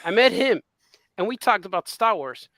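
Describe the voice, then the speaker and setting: A man's voice: sits high, big pitch swings, normal speed, fairly bright tone, no echo. A man co-hosting a podcast, telling an anecdote in a casual chat and acting out the quotes. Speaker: podcast co-host.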